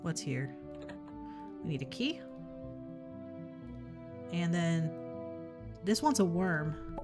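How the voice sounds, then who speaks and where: This woman has a lowish, very animated voice and draws out her words as she streams a puzzle game. Her let's-play commentary is casual and full of thinking aloud, with an offhand swear here and there and faint game music in the background.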